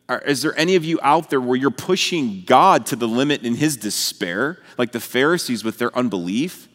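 A man preaching a sermon in an earnest way, building to emphatic repeated phrases. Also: medium pitch. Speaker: pastor. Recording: long hall reverb.

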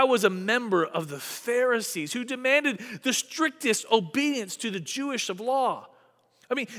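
A man preaching a sermon as a pastor, emphatic, swinging between loud emphasis and quiet asides. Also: sits high, big-room sound. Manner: emphatic, rising and dropping dynamically.

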